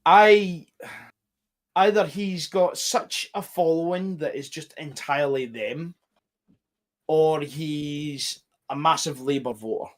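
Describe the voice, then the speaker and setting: A man's voice: on the high side, slow. A man talking as a guest in casual podcast chat, swearing often and rambling emphatically.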